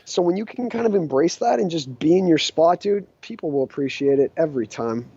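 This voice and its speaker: A man in his thirties, a guest entrepreneur, chatting casually in a relaxed surfer-style way. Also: a little high, a little fast, gravelly, slightly rough, no echo, highs cut off. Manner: laid-back, says "dude" and "like" often. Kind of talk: casual interview chat.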